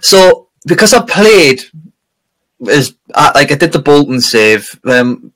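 A man's voice: a little high, very animated, slow pace, a bit bright, low-quality recording. Rambling man on a podcast. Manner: rambling, laughing often, trails off and restarts. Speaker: podcast co-host. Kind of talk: casual chat.

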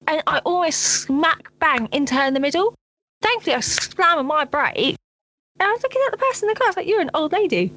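A young woman, co-hosting a podcast, telling animated stories in casual chat. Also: rough recording. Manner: animated storytelling, swings to high excited pitch. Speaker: podcast co-host.

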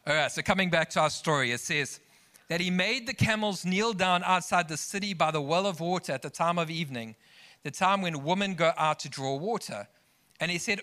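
A man's voice: fairly high pitch, brisk, sharp tone. A man preaching a sermon, emphatic, mixing scripture with personal stories told to the congregation. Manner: emphatic preaching with rising exclamations; storytelling asides to the congregation. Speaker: pastor.

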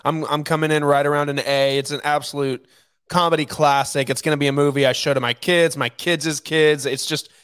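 A man's voice: on the high side, fairly quick, clear, resonant tone, no room sound. A man co-hosting a podcast, talking casually and enthusiastically about a favorite comedy. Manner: relaxed, enthusiastic, with laughs. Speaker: podcast co-host. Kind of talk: casual movie review chat.

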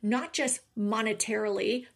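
A woman's voice: a little high, fairly even intonation, unhurried, vocal fry. A woman co-hosting a casual podcast chat, emphatic and full of rhetorical questions, laughing often. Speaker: podcast co-host.

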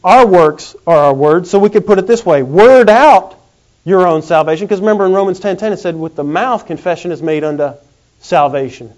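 A man preaching a sermon in a folksy, animated way. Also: sits high. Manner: folksy, animated, acts out quick comic voices. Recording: dull lo-fi recording.

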